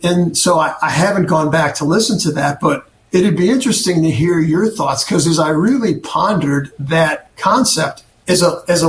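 A man co-hosting a podcast in a casual conversation, halting and searching for his words. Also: on the high side, roomy sound, slight background noise. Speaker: podcast co-host.

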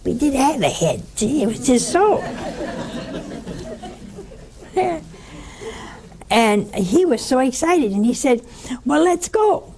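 A woman giving a conversational spiritual teaching, telling stories with lively asides to her listeners. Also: sits high, extremely slow, pauses often, slight background noise.

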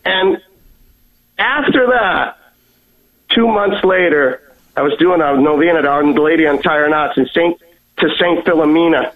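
A man on a tinny phone line tells a personal story, his voice a touch high. He talks earnestly and often stumbles and repeats his words. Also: a little slow, pauses often. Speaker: guest sharing a testimony.

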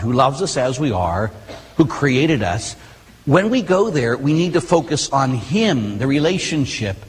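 Middle-aged male priest, husky voice, animated storyteller, long church reverb. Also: mid-range voice. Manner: animated storytelling with conversational asides. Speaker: Catholic priest. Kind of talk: sermon.

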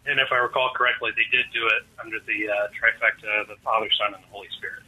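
Male caller, husky, sharp, tinny phone audio, casual rambler. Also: on the low side, steady tone, fast talker. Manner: casual, joking, a bit rambling. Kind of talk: call-in question. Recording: bright husky phone line.

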